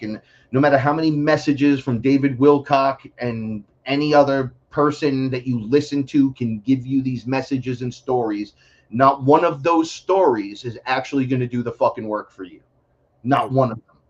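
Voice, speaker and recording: A man from the Bronx with a New York accent, a podcast guest talking in a blunt, profane, animated way. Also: medium pitch, moderate pace, lo-fi sound. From New York City, the Bronx. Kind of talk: casual podcast chat.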